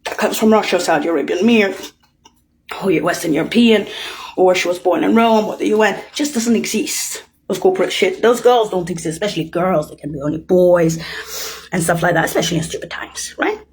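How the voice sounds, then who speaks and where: A woman rants at a slightly fast clip, rambling and profane, with plenty of mockery and heavy swearing. She alternates between loud outbursts and low muttering.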